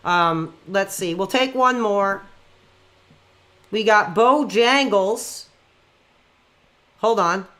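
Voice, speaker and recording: A man hosting a live call-in stream in a rambling, quick-tempered, often exasperated way. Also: high-pitched, sharp tone.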